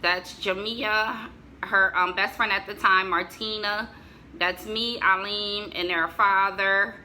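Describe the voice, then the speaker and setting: A woman's voice: medium pitch, fairly even intonation, slow pace, pushed and bright, a little hiss or hum, poor audio. A middle-aged American woman chatting casually to viewers as she shows family photos, joking and laughing as she goes. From United States. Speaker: vlogger showing family photos.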